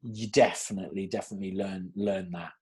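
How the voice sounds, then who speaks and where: Animated British man giving casting advice. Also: deep voice, a little fast. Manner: animated storyteller who acts out quotes, many restarts. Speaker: casting director. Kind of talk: casual Q&A advice.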